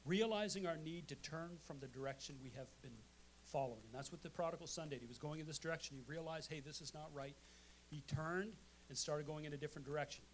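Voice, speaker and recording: A man's voice: on the high side, fast talker, slight background noise. A male pastor preaching a sermon to his congregation, emphatic, often asking "amen?". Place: church sanctuary.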